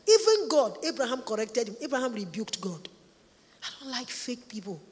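A woman delivers a sermon with emphatic, repeated lines. Her voice sits fairly high, and it rings with a long reverb from a large church hall. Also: a little hiss or hum. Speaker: preacher.

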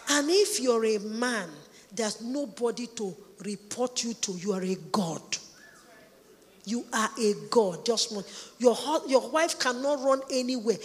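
A woman preaching a sermon, emphatic, repeating her points for stress. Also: on the high side. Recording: echoey hall, long reverb.

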